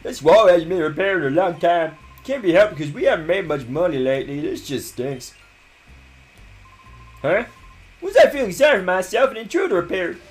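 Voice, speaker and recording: A man's voice: high-pitched, expressive, fairly quick. A man voicing a self-pitying male gang thug, reading game dialogue aloud in a put-on voice. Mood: grumbling.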